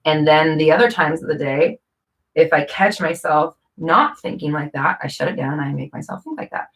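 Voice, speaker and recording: Rambling casual woman with a lowish voice. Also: moderate pace, a bit bright. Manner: rambling, lots of fillers and self-corrections. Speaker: vlogger. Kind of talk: casual talk to camera.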